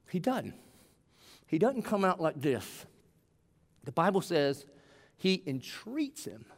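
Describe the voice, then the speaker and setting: Middle-aged male pastor with a high voice, preaching emphatically in a church with long reverb. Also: darkish tone. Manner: emphatic, conversational preaching with rising, pleading peaks. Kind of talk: sermon. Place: church sanctuary.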